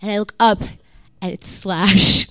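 A woman's voice: medium pitch, flat delivery, a little slow, fairly bright tone, dry recording. A woman comedian telling a story as a guest on a live comedy podcast. She is bubbly, laughs often and fills her talk with "like". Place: live comedy club stage.

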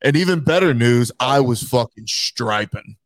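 A man's voice: mid-range voice, lively intonation, normal speed. A man co-hosting a podcast, telling a profane, laid-back story in casual chat. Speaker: podcast co-host.

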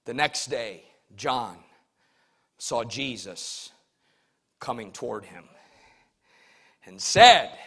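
A man preaching a sermon in a rhythmic, emphatic way, swinging from hushed lines to shouted ones. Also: mid-range voice, animated, very slow, pauses often, breathy edge. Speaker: pastor.

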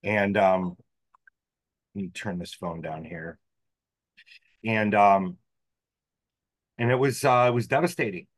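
A man speaks on a podcast in a fairly low voice, earnest and reflective as he recounts his past. The sound is dry and close, with little room around it. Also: slow pace, pauses often, no room sound. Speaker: podcast guest. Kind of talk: storytelling interview.

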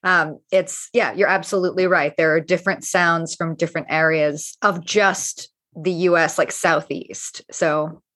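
A woman's voice: on the low side, fairly even intonation, measured pace, hardly any pauses, a bit bright. A woman from Mississippi who works as an actor, speaking in an earnest, appreciative way in a casual podcast chat. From Mississippi, US South.

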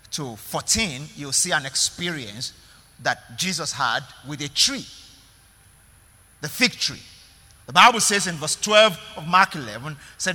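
A man's voice: a little high, pushed and bright, in a large hall. A male pastor preaching a sermon in an emphatic way, repeating words and calling out to the congregation.

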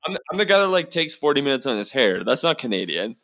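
A man hosting a podcast, rambling quickly and saying "like" a lot in casual banter with friends. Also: medium pitch, sing-song, fairly bright tone, a little hiss or hum. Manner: rambling and fast, heavy use of "like". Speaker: podcast host. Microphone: podcast mic.

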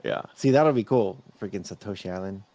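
A man's voice: fairly low pitch, fairly quick, mellow, no echo. A man in casual chat who teases his co-host and laughs often.

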